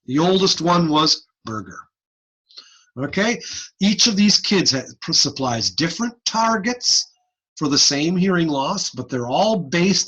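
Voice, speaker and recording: A man giving an informal online lecture, lively and blunt, over a computer mic on a video call. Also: a little high, husky, dull audio. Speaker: audiology lecturer.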